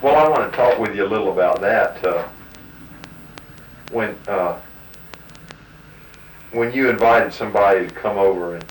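Male interviewer, low voice, halting and prompting, recorded from off-mic in a roomy space. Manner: halting, many fillers and restarts while coaxing answers. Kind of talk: fieldwork interview questions. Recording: roomy, distant mic with faint noise.

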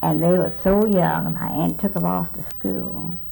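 A woman's voice: on the low side, steady tone, unhurried, vocal fry, dark tone, rough recording. An older woman from South Texas, rambling through memories in a recorded interview, quoting what others told her and correcting herself often. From South Texas, USA. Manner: rambling storyteller, quoting others, many restarts. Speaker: oral history interviewee. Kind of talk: recorded reminiscence.

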